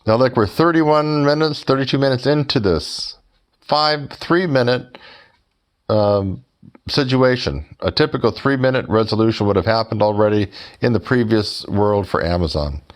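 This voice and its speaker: A man's voice: medium pitch, moderate pace, clear, resonant tone. A man telling a story to his viewers in a sarcastic, mocking way and speaking directly to them as folks. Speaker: YouTuber.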